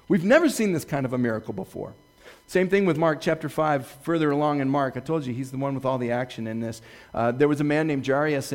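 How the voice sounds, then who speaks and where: Man, preacher, sermon, animated storytelling, soft scripture quotes, slightly high pitch. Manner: animated storytelling, jumping from hushed to excited; quotes scripture slowly and softly. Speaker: pastor.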